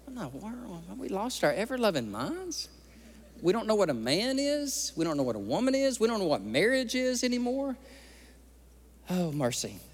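Male pastor, high-pitched and fervent, sermon in a reverberant sanctuary. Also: huge pitch swings, normal speed, breathy edge. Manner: impassioned preaching, tearful at times. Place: church sanctuary. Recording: long hall reverb.

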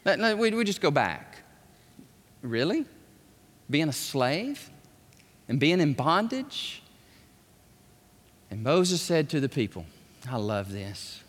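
A man preaching a sermon as pastor, animated and acting out scripture characters. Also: on the high side, takes it slowly, long pauses. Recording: echoey hall, voice at times far from the mic.

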